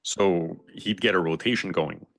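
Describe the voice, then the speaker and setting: A man's voice: sits low, normal speed, vocal fry, a bit bright. A man co-hosting a live stream, chatting in an easygoing way and greeting viewers. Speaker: co-host. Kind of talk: casual live-stream chat.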